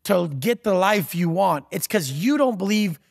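A man's voice: high voice, lively intonation, measured pace, gravelly, no room sound, clean studio sound, long reverb tail. A man giving a profane, aggressive motivational rant as a podcast guest, taunting and blunt.

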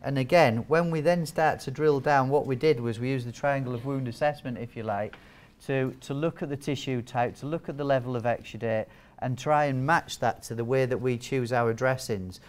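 Training nurses in wound care, a man talks at a medium pitch and normal speed to a live audience in a training hall. His style is chatty and humorous, and he regularly quizzes the room.

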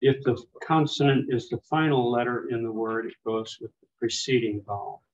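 A man's voice: medium pitch, moderate pace, slight background noise. Man teaching Greek, lo-fi room. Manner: patient, explains with fillers and restarts. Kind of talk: classroom teaching. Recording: dull lo-fi classroom recording.

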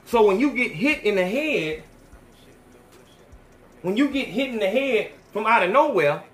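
A man's voice: high voice, expressive, a little slow. Fiery, profane male podcast host. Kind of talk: heated podcast commentary.

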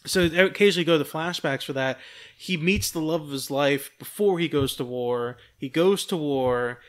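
A man's voice: a little high, normal speed. A man co-hosting a movie podcast, retelling a film in a rambling, profane, casual way. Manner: rambling, profane, animated retelling with quoted voices. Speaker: podcast co-host. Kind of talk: casual movie review chat.

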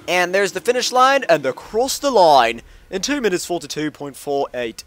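A man giving rambling, casual let's-play commentary as a gaming channel host, chuckling between thoughts and breaking into sudden excited outbursts. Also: fairly high pitch.

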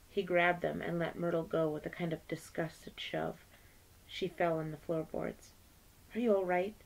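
Gravelly low-voiced woman reading aloud. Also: rough recording. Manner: plain classroom read-aloud, lightly voicing characters. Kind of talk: read-aloud of a novel.

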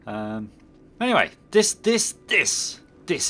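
A man's voice: a little high, expressive, moderate pace, fairly bright tone. A man commentating his own game playthrough, rambling and self-mocking, muttering at the game as he plays. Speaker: gaming channel host. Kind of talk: let's play commentary.

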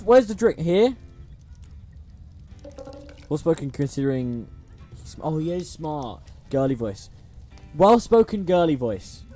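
Slow, animated gaming streamer. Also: medium pitch. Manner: chatty and animated, reads game dialogue aloud in playful voices; swears casually, slangy. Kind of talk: casual gaming livestream commentary.

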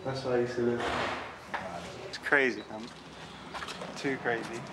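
Slangy man on a noisy street. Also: mid-range voice. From Poland. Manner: animated, slangy, quick to laugh. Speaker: musician showing his childhood neighbourhood. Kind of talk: casual walking tour chat. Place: outdoors on city streets. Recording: street noise and traffic outdoors.

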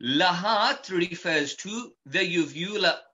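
A man teaching pronunciation in a slow, methodical lesson, patiently repeating each point. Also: high voice, expressive, sharp tone, lo-fi sound. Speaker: Quran recitation teacher.

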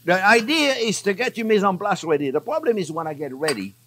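A man's voice: sits high, a little fast, a little hiss or hum. A man hosting a cooking show in a kitchen, chatty and enthusiastic, talking to his viewers as friends. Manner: animated, enthusiastic. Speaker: chef and cooking show host. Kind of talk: cooking demonstration.

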